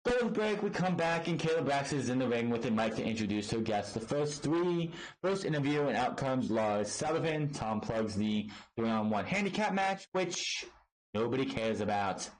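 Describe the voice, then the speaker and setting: A man's voice: mid-range voice, low-quality recording. A man casually recapping and reviewing a wrestling show, blunt and rambling, swearing freely and restarting his sentences often.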